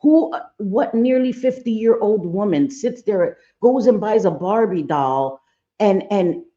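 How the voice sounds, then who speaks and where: A woman's voice: mid-range voice, lively intonation, unhurried, warm tone, dull audio. A woman doing a casual livestream reaction, blunt and profane, talking straight to her chat. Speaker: livestream commentator.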